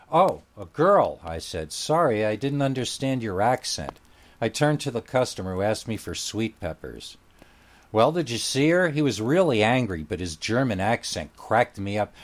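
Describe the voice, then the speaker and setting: A man's voice: fairly low pitch, a little mellow. A man reading a first-person scary story aloud in a wry, conversational storytelling manner. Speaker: story narrator. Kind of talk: scripted horror story narration.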